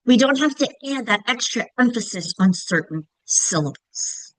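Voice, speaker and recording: A woman's voice: a little high, animated, moderate pace, few pauses, no room sound, poor audio. A middle-aged woman with a Long Island accent, teaching a lesson on reading and often checking in with listeners. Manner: explanatory, frequent "right?" check-ins. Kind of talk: instructional presentation.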